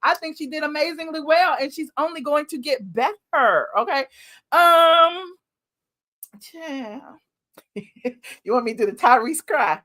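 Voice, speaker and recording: A woman's voice: sits high, unhurried, pauses often, a bit bright. A woman hosting a live-stream commentary show, talking in a sassy, emphatic way straight to her viewers.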